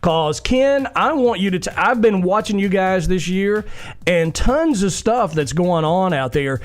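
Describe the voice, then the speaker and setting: A man's voice: high voice, expressive, measured pace. A man co-hosting a radio interview, upbeat and chatty, laughing often. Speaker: radio show co-host.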